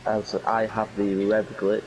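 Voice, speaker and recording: A man doing live commentary on a sim racing session, conversational and quick to react with exclamations. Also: fairly low pitch, monotone, a little mellow, a little hiss or hum, rough recording.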